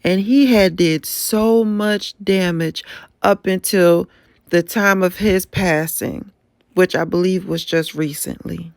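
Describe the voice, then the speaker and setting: A speaker giving opinionated commentary in a slow, deliberate way. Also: medium pitch, fairly even intonation, gravelly, dry recording, studio quality. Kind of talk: casual commentary.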